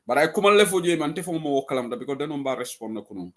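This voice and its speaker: A man from Gambia hosting an online political talk show, speaking bluntly and forcefully while taking callers. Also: a little high, expressive, very fast. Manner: blunt, forceful, switches between local language and English.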